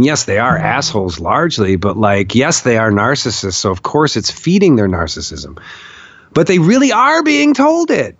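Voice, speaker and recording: A man recounting a vision in a podcast interview, animated and profane, acting out the quotes he tells. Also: medium pitch, no echo, lo-fi sound. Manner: animated storyteller, swears, acts out shouted quotes. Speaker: podcast guest, documentarian. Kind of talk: storytelling in a long interview.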